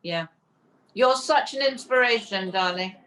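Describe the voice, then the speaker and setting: A woman's voice: mid-range voice, measured pace, fairly bright tone, rough recording. A woman hosting a talk show, gushing and exclaiming, laughing often. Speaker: show host. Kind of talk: casual chat.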